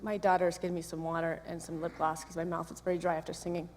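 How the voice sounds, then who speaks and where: A woman's voice: fairly low pitch, little pitch movement, quick pace, a little mellow, slight background noise. A woman associate minister giving a casual sermon talk in a church, chatty and full of friendly asides. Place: church sanctuary. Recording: long echo of a church hall.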